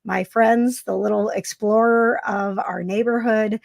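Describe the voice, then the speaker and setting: A woman hosting a casual live stream, speaking in a halting, emotional way with many fillers and restarts. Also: mid-range voice, steady tone, creaky, slight background noise. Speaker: vlogger host.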